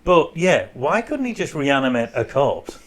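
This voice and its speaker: A man talking casually with friends on a podcast. He goes off on lively tangents about films and stories, often restarting his sentences and pausing to find the right word. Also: medium pitch. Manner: animated, tells stories with pauses and restarts. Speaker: podcast co-host. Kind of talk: casual chat.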